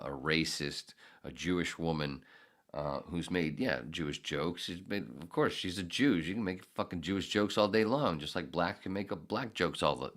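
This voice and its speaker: A man hosting a podcast who rants angrily and sarcastically, swearing heavily and swinging from mutters to shouts. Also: very deep voice. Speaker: podcast host. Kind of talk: ranting monologue.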